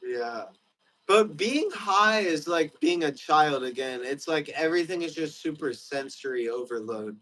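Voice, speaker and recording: A man's voice: fairly high pitch, expressive, measured pace, fairly bright tone, slight background noise, poor audio. A young man hosting a livestream, rambling loosely in casual chat with lots of fillers. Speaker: livestream host.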